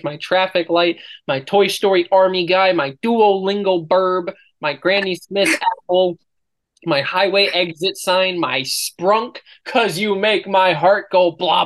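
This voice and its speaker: A man's voice: high voice, fairly bright tone. Playful rambling man hosting a podcast. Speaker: podcast host. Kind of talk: casual chat.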